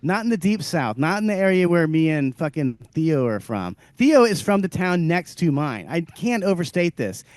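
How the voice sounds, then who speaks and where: A man from the American South co-hosting a podcast, ranting profanely with big swings in loudness. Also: a little high, sing-song, moderate pace, few pauses, no echo. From Southern US (Louisiana). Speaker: podcast co-host, comedian. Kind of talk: casual chat.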